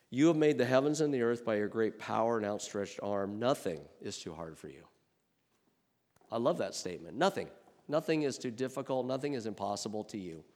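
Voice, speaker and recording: A man preaching a sermon from the pulpit, earnest and searching. His mid-range voice rises at key points and drops low and soft at others, and he asks his listeners rhetorical questions. The sound carries the long reverb of a church hall. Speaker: pastor.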